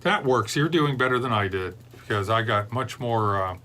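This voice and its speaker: A man's voice: medium pitch, lively intonation, moderate pace, sharp tone. A middle-aged man hosting a beer review show, chatting casually and drifting off into long digressions. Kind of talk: rambling casual chat.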